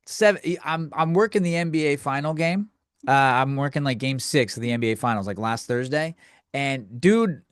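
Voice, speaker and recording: A man rants through a comedy podcast in a fairly high voice, tossing off provocative lines and waving them away as jokes. The sound is close and dry, with no room behind him. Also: no room sound. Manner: provocative, offhand, quick to say just kidding. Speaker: podcast host. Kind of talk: comedic rant.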